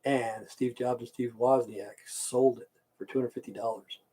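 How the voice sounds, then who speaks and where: An older man from the United States rambling and cursing as he chats with his livestream viewers, swinging between loud bursts and mumbles. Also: medium pitch, fairly even intonation, normal speed. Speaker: livestream host chatting with viewers. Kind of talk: rambling casual livestream rant.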